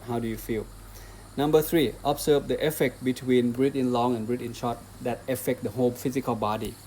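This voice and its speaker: A male Buddhist monk teaches meditation in a mellow, darkish voice at an ordinary pitch. He goes through each step patiently, repeats himself, and keeps turning to his listeners with small questions. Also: a little hiss or hum. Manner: patient, repetitive, asks the listener rhetorical questions and checks in with "okay?".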